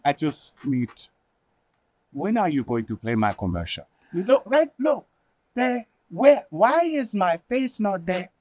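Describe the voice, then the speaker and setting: A man's voice: high-pitched, very animated, a little slow, darkish tone, dry recording. A man playing a pushy, guilt-tripping intruder who barges into a show with aggrieved, whiny pleading. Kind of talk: sketch comedy.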